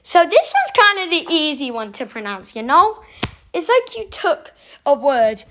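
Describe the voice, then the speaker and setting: A woman's voice: high voice, wildly swooping pitch, a little slow, fairly bright tone. A young woman vlogging to camera in a rambling, chatty way, full of fillers and restarts. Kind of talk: casual chat to camera.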